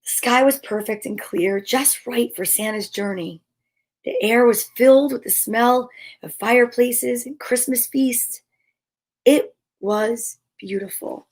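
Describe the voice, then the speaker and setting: A woman reading a picture book aloud to children, expressive and often dropping to a hush. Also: a little high, slow pace. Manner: expressive, dropping to hushed near-whispers. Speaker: storyteller.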